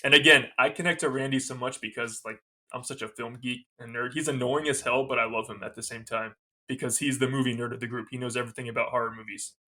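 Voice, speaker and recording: Talking fast in a steady, mid-range tone, this man co-hosts a podcast and walks through a film scene by scene like an excited fan. His casual review recap rambles loosely and is packed with fillers, and the sound is pushed and bright.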